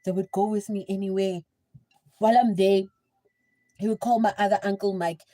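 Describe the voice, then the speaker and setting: A young woman with a South African accent, telling a story in a chatty, animated livestream style. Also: mid-range voice, normal speed. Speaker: livestream host. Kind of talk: casual storytelling.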